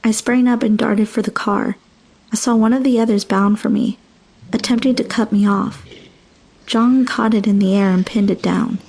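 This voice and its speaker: A woman narrating a first-person horror story in a hushed, slow, tense storytelling manner. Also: medium pitch, steady tone, gravelly, slightly rough.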